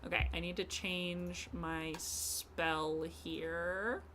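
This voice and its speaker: A woman streams a farming game in loose, excitable commentary, gushing and swearing as she reads the text aloud. Her voice is bright and forward on a desk mic. Faint keyboard typing ticks in the background. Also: fairly low pitch, very slow, slight background noise. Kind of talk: casual gameplay commentary.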